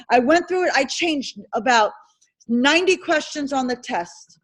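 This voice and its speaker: A woman instructor lecturing a classroom on insurance licensing, animated and repetitive as she drills and quizzes her students. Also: high-pitched, moderate pace, low-quality recording.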